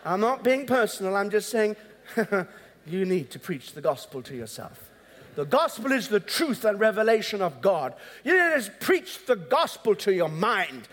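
Preaching man with a high voice. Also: sing-song, measured pace, a bit bright. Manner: conversational preaching with asides and chuckles; acts out both sides of dialogues. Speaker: pastor. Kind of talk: sermon. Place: large church hall. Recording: long hall reverb.

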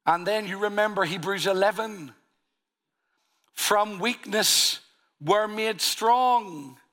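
A man's voice: sits high, slow pace, fairly bright tone. A man preaching a sermon, earnest and full of rhetorical questions. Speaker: pastor.

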